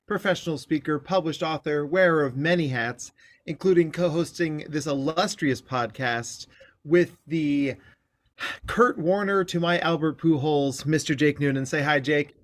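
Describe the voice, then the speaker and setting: A man's voice: on the high side, unhurried. A man hosting a podcast as a clinical psychologist, in casual interview talk, playful and joking with rambling asides.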